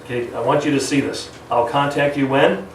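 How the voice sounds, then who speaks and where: A man's voice: medium pitch, fairly even intonation, brisk, noisy background. A man teaching a live sales training seminar, full of energy, acting out phone calls with clients and changing his speed on purpose. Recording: echoey room, mic at a distance.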